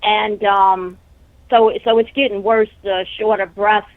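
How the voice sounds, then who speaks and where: A woman's voice: mid-range voice, little pitch movement, unhurried, no echo. A woman calling in by phone, short of breath, earnest and rambling as she describes her symptoms. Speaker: caller. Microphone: telephone. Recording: tinny dry phone line.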